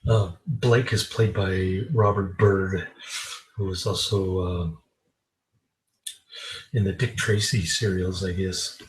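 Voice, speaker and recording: A man giving a casual spoken film review in a halting, meandering way. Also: low-pitched, rough recording.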